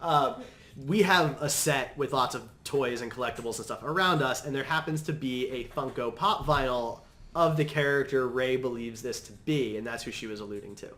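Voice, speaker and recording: A man hosting a casual podcast chat, upbeat and quick to laugh, stammering a little, recorded in a studio set. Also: medium pitch, a bit bright. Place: studio set full of toys and collectibles. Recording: roomy echo.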